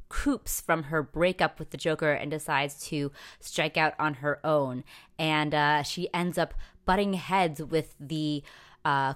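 A woman's voice: deep voice, fairly bright tone. A young adult woman hosting a casual pop culture podcast, chatty and upbeat. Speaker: podcast host.

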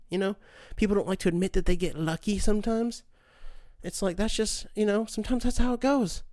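A man's voice: high-pitched, steady tone, brisk, a little mellow, dry recording, clean studio sound. A young man hosting a podcast, ranting casually with lots of swearing and sarcastic mock voices. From United States. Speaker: podcast host. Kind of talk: casual solo rant.

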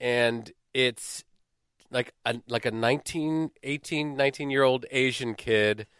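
A man casually telling a story about old neighbors, halting and searching for words. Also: medium pitch, a bit bright, clear, resonant tone, no room sound, studio quality. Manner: hesitant, many fillers and restarts. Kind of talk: casual chat, anecdote.

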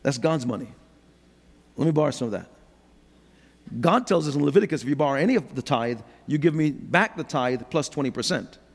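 Pastor, middle-aged man, gravelly high voice, emphatic preaching with rhetorical questions; reverb-heavy hall. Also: animated, fairly quick, long pauses. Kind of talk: sermon.

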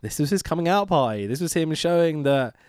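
A man co-hosting a casual podcast, talking in an animated way, laughing often and acting out quotes in a high voice. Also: brisk, smooth, no echo, clean studio sound. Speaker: podcast co-host. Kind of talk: casual wrestling podcast chat.

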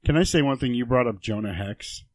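A man's voice: mid-range voice, animated, a little fast, no room sound. A man co-hosting a podcast, joking in a laid-back, casual way. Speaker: podcast co-host. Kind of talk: casual movie chat.

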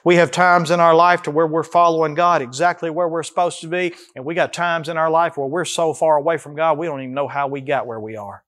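A man preaches a sermon with a fairly high voice. His delivery swings between emphatic rises and slow, drawn-out phrases as he prays the text aloud to his congregation. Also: steady tone, fairly bright tone. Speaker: pastor.

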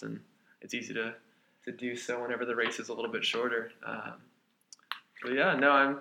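A man speaking as a podcast guest in casual chat, easygoing and quick to laugh. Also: mid-range voice, pushed and bright. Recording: echoey room with faint noise.

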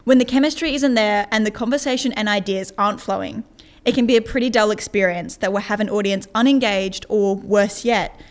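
A woman's voice: medium pitch, brisk. A young woman presenting an award, reading evenly from a prepared script.

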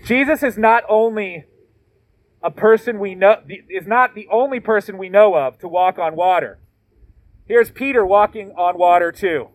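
A male pastor with a high voice preaches in an easygoing, emphatic way, tossing in casual slang between Bible readings. The sound is dry and close, with no room echo. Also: moderate pace. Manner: conversational, emphatic, slangy asides. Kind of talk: sermon.

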